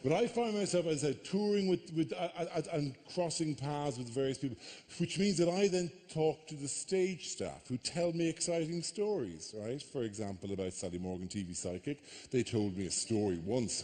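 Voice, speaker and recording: An Irish man performs stand-up in a large theatre, his voice trailing into a long reverberant tail. He tells stories in an animated way and swings into mock outrage. The style is a live comedy routine. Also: on the high side, moderate pace. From Ireland.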